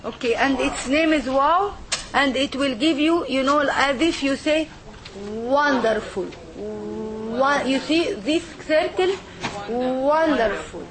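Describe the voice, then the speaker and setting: Woman teacher, high voice, patient and slow-modelling, classroom with students murmuring around her. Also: a crowd in the background. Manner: patient, asks "okay?" often, models sounds slowly. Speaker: language teacher. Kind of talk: classroom lesson.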